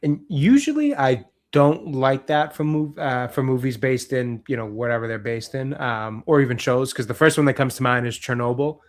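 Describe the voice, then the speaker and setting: A man co-hosting a film podcast, thinking aloud in a measured way during a casual chat. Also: medium pitch.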